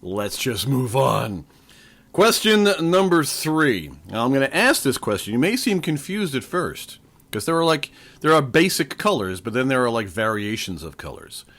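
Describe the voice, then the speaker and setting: A man's voice: medium pitch, very animated, moderate pace, fairly bright tone. Jokey New man hosting a trivia quiz. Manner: jokey, rambling, talks straight to listeners; stops to sip water between questions. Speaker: trivia podcast host.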